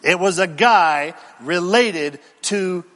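A man preaching a sermon, animated, with rhetorical questions to the congregation and dramatic pauses. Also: high voice. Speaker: pastor. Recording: long reverb in a large hall.

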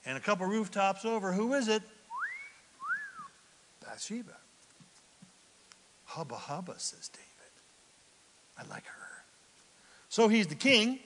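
A man preaching a lively, joking sermon and shouting now and then for emphasis. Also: on the high side, in a large hall, a little hiss or hum. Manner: animated, jokey, with shouted emphasis. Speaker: pastor.

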